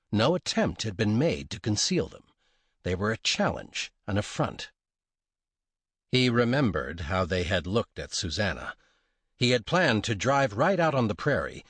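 A man reads a western novel aloud in an expressive, dramatic style. His voice is husky with lively, wide-ranging intonation. It is recorded close in a dry, dead space. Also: fairly low pitch, no room sound. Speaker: audiobook narrator. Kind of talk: scripted narration of a western novel.

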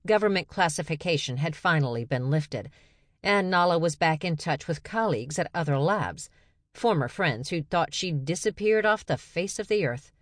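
A woman narrating a science fiction story in a steady, measured way. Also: low-pitched, dry recording, studio quality. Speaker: audiobook narrator. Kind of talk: scripted narration.

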